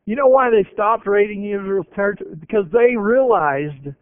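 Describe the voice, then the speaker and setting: A man preaching a sermon and retelling scripture with animated voices. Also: sits high, normal speed, smooth, no echo. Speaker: pastor. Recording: tinny phone-like radio broadcast.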